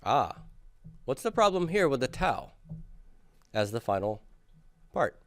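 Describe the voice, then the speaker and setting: A man's voice: mid-range voice, sing-song, unhurried, no echo. A man teaching a classroom grammar lecture, patiently drilling students through forms and asking them to repeat after him. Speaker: Greek teacher.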